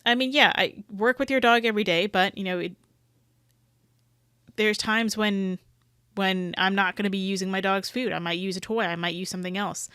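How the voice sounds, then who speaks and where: Opinionated woman dog trainer, smooth voice. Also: medium pitch, steady tone, moderate pace, sharp tone, no echo, studio quality. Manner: opinionated, rambling, many hedges. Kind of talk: reaction commentary.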